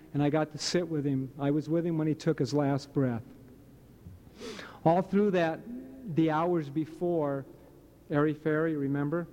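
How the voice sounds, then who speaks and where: A man's voice: a little high, a little mellow. Earnest rambling man in his late fifties. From Hawaii. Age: late 50s. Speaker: speaker sharing at a recovery meeting. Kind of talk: personal testimony to a live audience.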